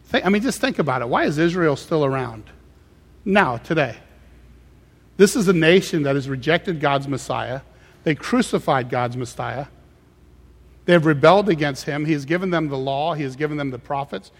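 Male pastor, slightly high voice, emphatic repetitive sermon delivery, long hall reverb. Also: lively intonation, moderate pace. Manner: emphatic, repeats phrases for effect.

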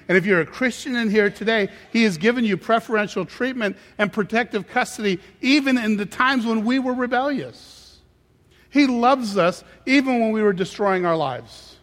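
Male pastor, slightly high voice, emphatic repetitive sermon delivery, long hall reverb. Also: fairly bright tone. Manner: emphatic, repeats phrases for effect.

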